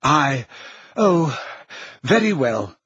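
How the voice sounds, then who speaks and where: A man's voice: fairly high pitch, huge pitch swings, a bit bright, slightly rough, dry recording, muffled recording, heavily acted. A man reading an audiobook, voicing a stiff, flustered prime minister who hesitates and stumbles. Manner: hesitant, halting.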